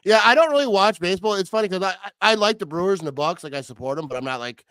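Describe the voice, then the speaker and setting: Young male co-host, relaxed and jokey; slightly high voice, dry close mic. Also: very fast, smooth, dry recording. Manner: laid-back, joking, says "dude" a lot. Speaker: podcast co-host. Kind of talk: casual sports chat.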